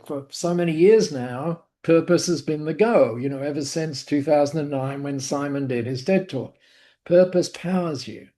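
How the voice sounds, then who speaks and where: A man's voice: mid-range voice, warm tone. A man giving an online webinar talk, telling a story in a chatty way with asides and restarts. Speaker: webinar speaker. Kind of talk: online presentation. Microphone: video call.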